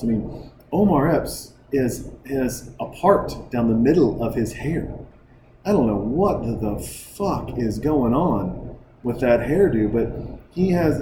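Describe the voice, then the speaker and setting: A man's voice: mid-range voice, noisy background. Rambling, profane man in an echoey bar. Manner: profane, jokey, excitable. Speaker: podcast host reviewing a film. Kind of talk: casual rambling commentary. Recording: echoey room with loud background ambience.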